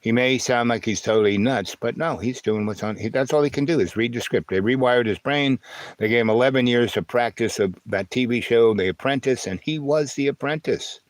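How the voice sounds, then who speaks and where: A man hosting a casual livestream on an old phone, talking in a halting, rambling way full of fillers and "right?", with a slight lisp and twang. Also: mid-range voice, dry recording. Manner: halting, filler-heavy, asks "right?" often. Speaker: livestream host.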